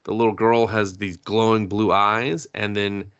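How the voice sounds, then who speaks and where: Man, podcast co-host, casual recap, lots of swearing, acts out lines, somewhat low voice. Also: a little slow, clean tone, no room sound, lo-fi sound. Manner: profane, animated storytelling, acts out characters' lines. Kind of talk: casual anime recap chat.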